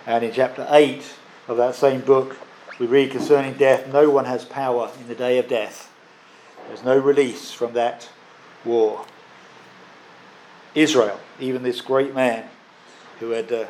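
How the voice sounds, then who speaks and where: A man preaching a sermon, emphatic, stressing and repeating key phrases with pauses. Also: medium pitch, darkish tone, slight background noise.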